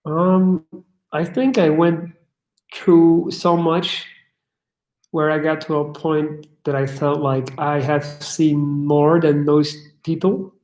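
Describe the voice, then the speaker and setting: A man's voice: fairly high pitch, level tone, slow, darkish tone. A young man hosting a casual livestream, bluntly chatting and swearing as he answers chat questions. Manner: blunt, swears, reads chat aloud and riffs. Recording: echoey room.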